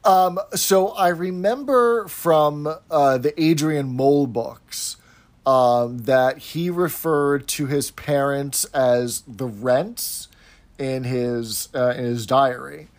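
A man's voice: medium pitch, slow pace. A man co-hosting a podcast, chatting casually in short, easygoing remarks and chuckling often. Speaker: podcast co-host.

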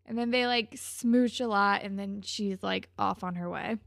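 A woman's voice: mid-range voice, measured pace, creaky, a bit bright, no room sound, clean studio sound. A young woman co-hosting a podcast, casually and sarcastically recapping a TV episode and acting out the characters' lines. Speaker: podcast co-host recapping a TV show.

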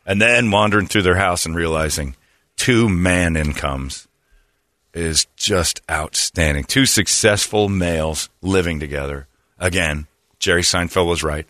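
Deep-voiced man telling a rambling comic story. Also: normal speed, pushed and bright, no room sound, studio quality. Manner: rambling, self-interrupting, laughs at own jokes. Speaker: radio show host. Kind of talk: comedic storytelling banter.

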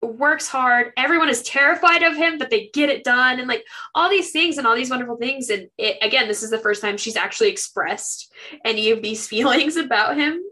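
A young woman chats about a book on her podcast with a bright, ringing tone. Her voice sits a little high, and she gets animated when she acts out the characters' lines. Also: fairly quick. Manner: animated, retells scenes in quoted voices. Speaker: podcast co-host. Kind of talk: casual chat.

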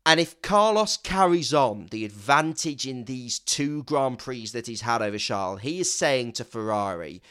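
Animated, lively-voiced man. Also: mid-range voice, normal speed, hardly any pauses, smooth. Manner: animated, emphatic, self-mocking. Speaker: podcast co-host. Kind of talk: casual chat.

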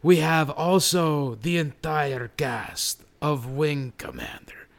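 A man's voice: fairly high pitch, slow pace, creaky, pitched above the performer's own voice. A man doing a pompous award-show presenter. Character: male movie star presenting awards, pompous.

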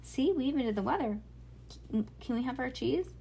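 A woman's voice: high-pitched, expressive, moderate pace, creaky, dark tone, a little hiss or hum, voice pushed up, rough recording. A woman reading aloud and voicing a young girl who whines, squawks and pleads. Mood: pleading. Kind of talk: storybook read-aloud.

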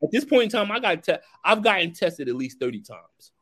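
Animated New man telling stories. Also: sits high, a little fast, crowd noise. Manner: animated storyteller who acts out dialogue, slangy. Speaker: podcast host. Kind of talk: casual chat.

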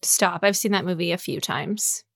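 A woman's voice: on the low side, moderate pace, creaky, a bit bright, no echo. Dry-witted young woman co-host. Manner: dry, teasing quips. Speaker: podcast co-host. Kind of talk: casual comedic chat.

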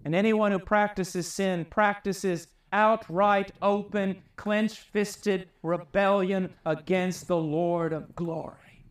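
A man preaching a sermon with passion, climbing high and loud to drive home his points. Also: fairly even intonation, slow pace, recorded from a distance. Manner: impassioned, rises high and loud for emphasis.

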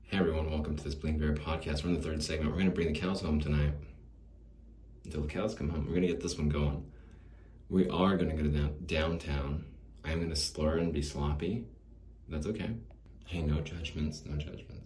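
A man with a rumbling low voice hosts his own podcast alone in a small studio, speaking a little fast in a steady, slightly mellow tone. His solo monologue rambles, self-deprecating and wistful. The recording has a roomy echo and a faint hiss in the background.

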